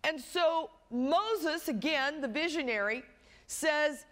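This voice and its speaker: Woman pastor, sermon, fairly high voice, storytelling with jokes, long hall reverb. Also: slow pace. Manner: storytelling with humorous asides.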